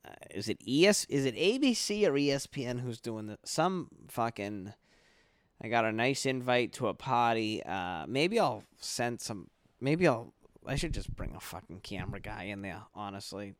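A young man, tipsy and tired, rambles and swears through a late-night sports rant from his bedroom, yawning along the way. He's a podcast host with a medium-pitched, expressive voice at a moderate pace, recorded at studio quality with no room sound.

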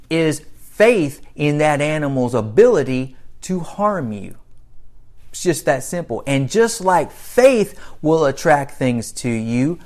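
A man preaching a sermon with emphatic, drawn-out phrasing and dramatic pauses, reading scripture aloud in a raised voice. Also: mid-range voice, a little mellow.

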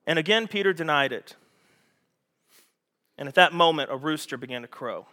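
A man preaching a sermon to a congregation, animated and storytelling, acting out scenes with raised voices. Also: on the high side, normal speed. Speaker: pastor. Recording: echoey hall.

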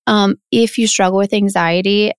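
A woman chatting as a podcast guest from her home closet, talking openly and acting out quoted lines in lively voices. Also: medium pitch, normal speed, clear, resonant tone, dry recording, clean studio sound. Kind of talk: casual conversational interview.

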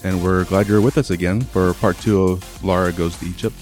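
A man's voice: low-pitched, fairly even intonation, darkish tone, faint music behind. A man co-hosting a podcast in casual chat, steering the talk with questions. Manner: quick-talking, steers the conversation with questions. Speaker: podcast co-host.

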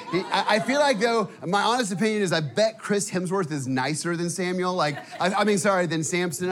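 A man preaches to his church with a slightly high voice, full of fillers, quick restarts and casual slang. He sounds fired up and at times emotional. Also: a bit bright. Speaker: guest preacher. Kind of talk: sermon. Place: church auditorium.

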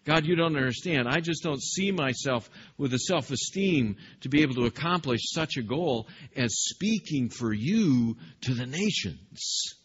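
A man acting out a fretful young prophet who protests in a raised, pleading voice. The tone is bright with a husky edge, on a dull, lo-fi recording. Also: expressive, measured pace, few pauses. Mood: insecure. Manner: pleading, protesting, high and loud.

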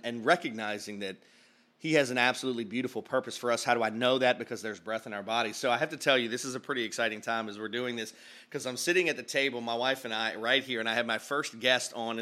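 A man's voice: mid-range voice, bright, forceful tone. A man hosting a casual podcast from his home office, upbeat and rambling, often breaking into laughter. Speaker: podcast host and pastor. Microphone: studio mic with headphones.

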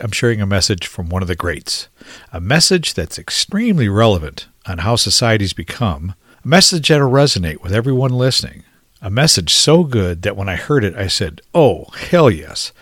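A man's voice: lowish voice, fairly bright tone, no room sound, clean studio sound. A man hosting a podcast, introducing a segment earnestly. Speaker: podcast host and life coach.

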